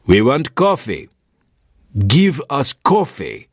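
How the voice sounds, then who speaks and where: A man's voice: on the low side, lively intonation, measured pace, dry recording, studio quality. A man reading the part of a grim armed desert tribesman who demands rent, in a harsh and insistent voice. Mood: demanding.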